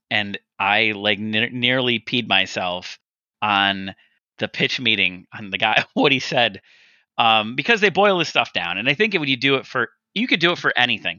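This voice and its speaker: A man hosting a casual podcast chat, excitable and swearing freely, often breaking into laughter. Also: medium pitch, no echo, highs cut off. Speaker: podcast host.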